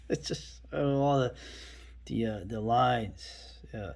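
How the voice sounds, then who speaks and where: A man's voice: mid-range voice, steady tone, a little slow. Rambling enthusiastic man talking movies. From New York City. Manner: rambling and enthusiastic, often trailing off into a soft mutter. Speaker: film vlogger. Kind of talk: casual movie talk.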